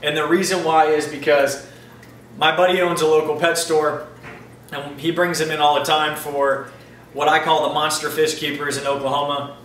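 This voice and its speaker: A man's voice: on the high side, flat delivery, moderate pace, a bit bright, recorded from a distance. Upbeat chatty man in an echoey room. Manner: chatty, upbeat, loose and informal. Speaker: aquarium hobbyist answering viewer questions. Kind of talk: casual Q&A vlog. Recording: roomy echo, mic set back, faint ambient noise.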